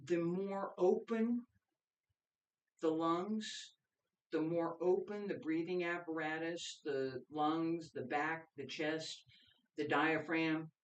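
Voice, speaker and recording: A man teaching a qigong class, calmly guiding breaths and movements, then explaining the practice. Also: a little high, distant mic. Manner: slow, calm counting of breaths. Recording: echoey room, voice from off-mic.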